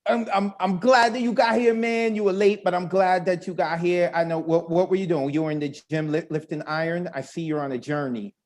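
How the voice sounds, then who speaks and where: A man's voice: high voice, fairly even intonation, fairly quick, few pauses, darkish tone. A man hosting an online open mic over a video call, joking and chatting between performers. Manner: playful, joking, rambling asides.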